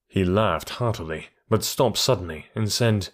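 A man narrating an audiobook classic in a steady, even storytelling manner. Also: low-pitched, moderate pace, hardly any pauses.

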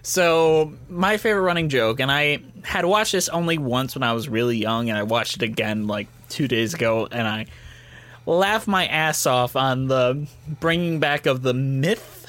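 A man's voice: mid-range voice, normal speed, a bit bright. A man co-hosting a podcast in casual, laugh-filled chat, swearing freely and talking loosely. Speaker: podcast co-host.

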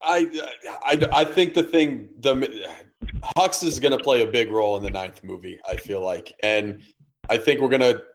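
A man's voice: medium pitch, moderate pace, slight background noise. A man in casual podcast chat, laid-back and rambling. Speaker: podcast guest.

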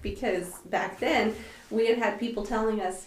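A woman in her fifties, hosting a podcast, chatting casually with her husband and telling animated stories with frequent laughter. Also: medium pitch, moderate pace. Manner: animated storyteller, laughs often. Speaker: podcast host. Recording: echoey room.

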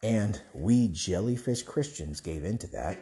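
Low, mellow-voiced man preaching fervently. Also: expressive, unhurried, slight background noise. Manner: preachy and rambling, with restarts and rhetorical questions. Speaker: Christian online commentator. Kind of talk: impassioned monologue.

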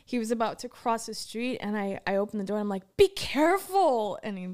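A woman's voice: medium pitch, steady tone, fast talker, a little mellow. A woman from Wisconsin, co-hosting a casual podcast, telling a story in a chatty, giggly way with many restarts. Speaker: podcast co-host.

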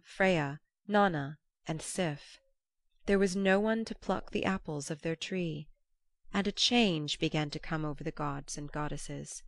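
A woman narrating an old-fashioned storybook in a measured, storytelling manner. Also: deep voice, no echo, clean studio sound. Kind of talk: storybook reading.

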